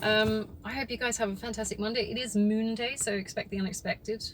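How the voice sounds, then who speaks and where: A woman's voice: on the high side, steady tone, fairly quick. A woman hosting a casual podcast from inside her car, blunt and sweary, laughing at herself as she talks. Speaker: podcast host. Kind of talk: casual monologue while driving. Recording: loud car road noise. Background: traffic and engine noise.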